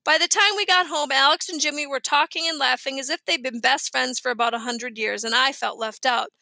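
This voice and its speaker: A woman narrating a children's novel in a lively, expressive way. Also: high voice, fairly quick, vocal fry, no echo. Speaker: reader. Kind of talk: audiobook narration.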